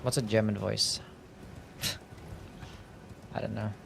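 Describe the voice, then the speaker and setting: A man's voice: lowish voice, level tone, very slow, gravelly, background noise. A man streaming a game live, chatting casually and answering viewers' questions in a loose, offhand way, with laughs and some swearing. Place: home streaming setup.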